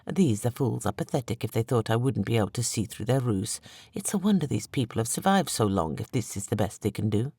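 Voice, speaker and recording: A sneering, arrogant male colonel with an Italian-like accent, put on by an audiobook narrator. He speaks slowly and condescendingly, stretching his words with disdain, in a slightly lower register. The recording is dry and close. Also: animated, mellow, breathy edge, no room sound. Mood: mocking. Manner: haughty, condescending, drawn-out. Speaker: audiobook narrator voicing a character.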